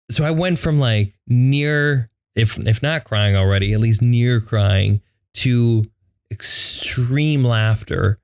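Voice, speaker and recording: A man's voice: medium pitch, slow, darkish tone, smooth, no room sound, clean studio sound. A young man hosting a podcast, telling a personal story in a conversational way, with lots of fillers and acted-out quotes. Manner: conversational, many fillers, acts out quoted dialogue. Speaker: podcast host.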